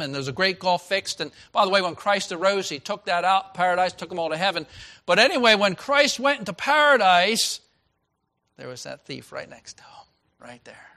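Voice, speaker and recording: A man preaching a sermon as a pastor, reading scripture and swinging from loud exclaiming to hushed tones. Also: high-pitched.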